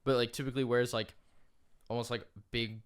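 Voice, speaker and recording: A man's voice: medium pitch, level tone, fairly quick, clear, resonant tone. A man co-hosting a podcast in casual chat, rambling with many fillers and frequent laughs. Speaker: podcast co-host.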